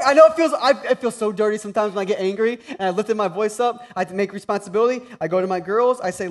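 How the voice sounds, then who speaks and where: Man, pastor, high voice, sermon, loud emphatic stretches, quiet confessional stretches, thirties. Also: fast talker, few pauses. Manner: swings between loud emphatic and soft confessional.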